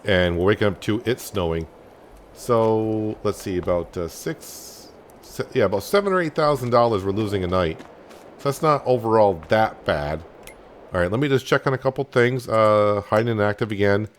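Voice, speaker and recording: Male gaming host, lowish voice, easygoing let's-play commentary, faint game noise behind. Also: normal speed. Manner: relaxed, thinking aloud with many fillers.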